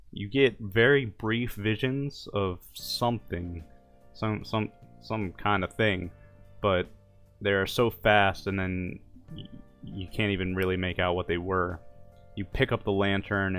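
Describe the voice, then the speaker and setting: A man with a very low voice runs a tabletop game as game master. He describes scenes in steady, descriptive narration and calls for rolls. Soft music plays underneath. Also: measured pace. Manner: calm descriptive narration, calling for dice rolls.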